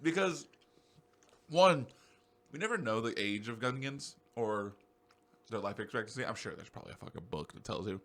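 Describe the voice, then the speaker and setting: A young man co-hosting a podcast in casual chat, rambling excitably and swearing freely. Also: medium pitch, moderate pace, pauses often. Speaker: podcast co-host.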